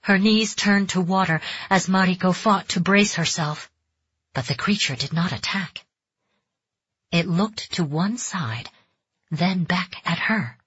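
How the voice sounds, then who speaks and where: A woman narrating a dark fantasy audiobook in measured, tense storytelling. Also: on the low side, husky, no echo. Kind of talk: scripted narration. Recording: dull, dry close recording.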